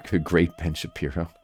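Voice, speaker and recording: Man, low voice, animated, goofy gaming commentary, dry sound, faint music. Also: husky. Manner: goofy, jokey, laughs often. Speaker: streamer playing a game. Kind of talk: casual joking commentary over gameplay.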